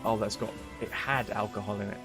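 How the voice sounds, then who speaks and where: A man's voice: fairly low pitch, steady tone, brisk, over music. Chatty man streaming a game. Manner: rambling, chatty, jokey. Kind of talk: casual gameplay commentary.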